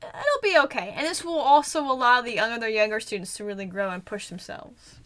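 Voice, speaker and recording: A woman's voice: a little high, expressive, a little fast, fairly bright tone. A young woman chatting casually as she reacts to an anime episode, giggling often and trailing off into fillers. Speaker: anime reaction channel host.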